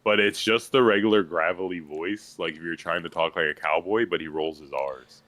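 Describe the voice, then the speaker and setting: Deep-voiced man rambling about a film. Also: moderate pace, no room sound. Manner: rambling, animated, acts out quotes. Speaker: podcast co-host. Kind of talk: casual movie review chat.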